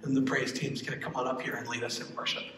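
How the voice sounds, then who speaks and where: A man leading a youth service as pastor, speaking gently and slowing down to read scripture. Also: medium pitch, flat delivery. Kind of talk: youth sermon. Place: large church hall. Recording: echoey hall, distant mic.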